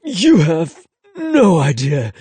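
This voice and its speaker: A male narrator voicing a confident grown man who murmurs low and teasing in a romance audiobook. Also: wildly swooping pitch, slow, dark tone, slightly rough, no room sound, exaggerated voice. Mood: intimate.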